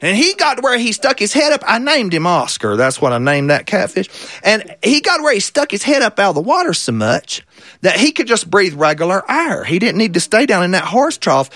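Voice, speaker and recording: A man voicing an old country man spinning a deadpan tall tale in a folksy drawl. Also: sits high, no echo, full character voice.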